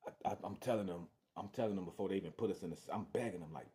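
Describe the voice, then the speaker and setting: Deep-voiced man, casual storyteller, repeats himself and acts out the other voices. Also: racing, few pauses. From Detroit. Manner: animated, acts out voices, restarts and repeats words. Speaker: storyteller sharing his testimony.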